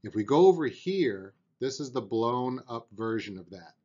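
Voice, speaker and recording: A man's voice: mid-range voice, lively intonation, normal speed, dark tone, dull audio. A man teaching a beginner drum lesson, patiently explaining and counting out beats aloud, with an encouraging manner.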